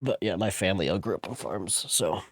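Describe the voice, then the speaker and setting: A young man with a fairly low voice, recorded close and dry with no room sound. He chats loosely with his viewers and then slips into reading a novel aloud at an easy, unhurried pace. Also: breathy edge, no room sound. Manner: relaxed, chatting with viewers between read passages. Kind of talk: casual chat mixed with reading aloud.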